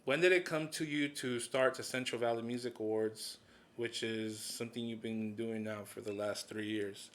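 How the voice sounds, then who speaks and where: A man from California hosts a relaxed interview, joking around and swearing easily. He drops Spanish words into his English. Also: mid-range voice, moderate pace. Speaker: podcast host. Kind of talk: casual interview chat.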